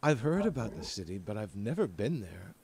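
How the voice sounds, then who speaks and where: A man's voice: lowish voice, very animated, brisk, a little mellow, slightly rough, exaggerated voice. A man voicing a friendly, chatty young woman seamstress in a tabletop game, asking eager, curious questions.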